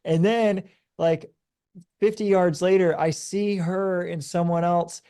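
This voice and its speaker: A man in his thirties, a podcast guest, talking earnestly and telling stories in a relaxed conversation. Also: sits high, slow, clean tone. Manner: earnest, storytelling, animated when recounting events. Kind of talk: conversational advice talk.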